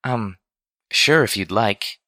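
A man voicing a timid, gentle female pony who speaks meekly and stammers when upset. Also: on the low side, brisk, no room sound, clean studio sound, pitched above the performer's own voice. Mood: fretful, meek. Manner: meek, faltering, stammering.

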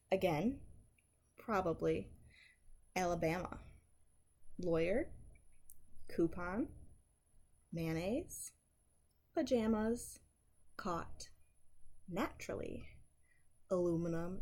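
A woman from the upper Midwest of the United States doing a casual accent challenge, slipping between a soft whisper and her normal voice, with giggles and frequent ums. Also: fairly low pitch. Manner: frequent ums and self-corrections. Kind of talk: casual accent challenge reading a word list.

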